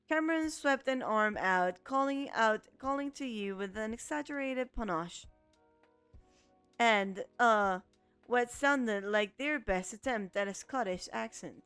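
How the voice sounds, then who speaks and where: Woman, gaming stream, reading a visual novel, stumbling over words, smooth crisp voice, dry close mic, faint music. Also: fairly high pitch, expressive, a little slow, fairly bright tone, no room sound. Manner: reads with frequent stumbles and restarts. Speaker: let's play streamer.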